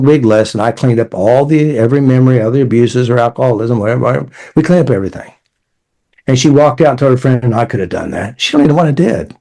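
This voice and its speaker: A man's voice: mid-range voice, dark tone. A man hosting a conversational talk, telling client anecdotes with wry asides and acted-out quotes. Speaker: therapy method creator and podcast host. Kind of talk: conversational storytelling.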